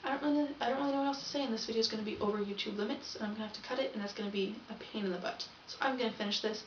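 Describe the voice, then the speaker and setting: A woman's voice: fairly high pitch, racing, far from the mic, slight background noise. A young woman rambling through a casual video diary and often correcting herself. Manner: chatty, rambling, self-correcting. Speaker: vlogger. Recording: echoey, dull, from off the mic.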